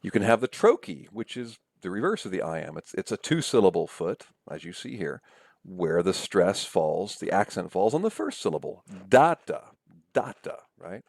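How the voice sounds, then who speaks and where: A deep-voiced man with a gravelly edge explains things slowly and patiently, pausing to check in with his listeners. His delivery has the measured pace of a professor's recorded lecture, and he stretches out words to sound them out. The recording is close and dry. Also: very animated, a little mellow, no echo. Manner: patient, repeats words and checks in with "right?" and "okay?"; slows down to sound out syllables.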